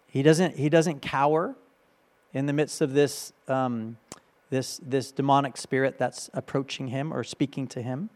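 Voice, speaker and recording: A male pastor giving a conversational sermon, often checking in with his listeners by asking "right?". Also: medium pitch.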